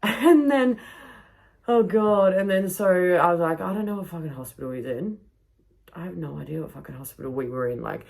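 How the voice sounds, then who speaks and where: Low-voiced woman telling a wild travel story. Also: vocal fry. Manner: animated, swears freely, laughs through the story. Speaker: podcast host. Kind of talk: casual storytelling. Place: home backyard.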